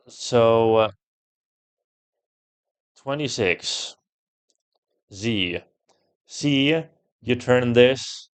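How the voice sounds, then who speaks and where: A young man commenting while he plays a puzzle game, thinking out loud, swearing often and getting loudly frustrated. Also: mid-range voice, clear, resonant tone. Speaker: gameplay streamer.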